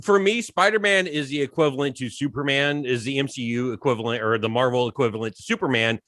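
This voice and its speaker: A man filling in as podcast co-host in casual chat, emphatic and animated, often restarting his sentences. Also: medium pitch, fast talker.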